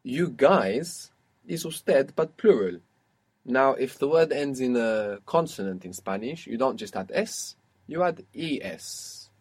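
A man's voice: mid-range voice, animated, slow pace, darkish tone, slightly rough. A man teaching an audio language lesson, patiently prompting his student step by step.

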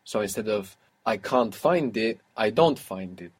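A man's voice: on the low side, animated, a little slow, breathy edge. A patient male teacher leads a student through a spoken language lesson. He asks short questions, waits for answers and praises each one before moving on. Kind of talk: guided audio language lesson.

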